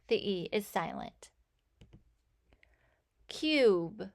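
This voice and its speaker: A woman teaching a phonics lesson, sounding out letters and words with slow, clear enunciation. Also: medium pitch. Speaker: reading teacher.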